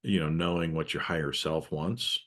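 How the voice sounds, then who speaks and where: A man's voice: rumbling low, steady tone, moderate pace, fairly bright tone. A man hosting a casual talk show, speaking loosely with many fillers and restarts. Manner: loose, meandering, frequent fillers. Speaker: podcast host. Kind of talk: casual conversation.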